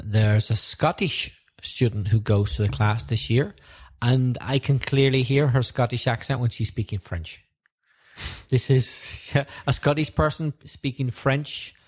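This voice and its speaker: A male podcast co-host talks in a relaxed, thoughtful way while he explains his ideas. His voice sits at an ordinary, mid pitch. He sounds easygoing and conversational. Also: unhurried.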